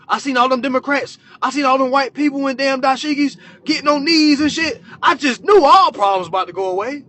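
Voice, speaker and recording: A man ranting to his followers with profane comedy, swinging between shouting and low muttering. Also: fast talker, few pauses. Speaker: social media commentator. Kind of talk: profane comedic rant to camera.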